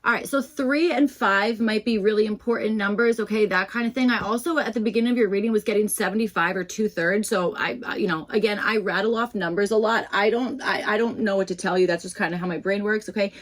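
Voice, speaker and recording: A woman's voice: mid-range voice, steady tone, quick pace, hardly any pauses. Chatty rambling woman reading tarot. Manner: rambling, many fillers and restarts; chatty and self-deprecating. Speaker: tarot reader. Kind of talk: casual tarot reading to camera.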